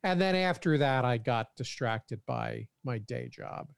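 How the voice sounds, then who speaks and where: A man's voice: mid-range voice, animated, unhurried, gravelly, clear, resonant tone, no room sound, studio quality. A man co-hosting a casual tech podcast, joking around and restarting his sentences. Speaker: podcast co-host.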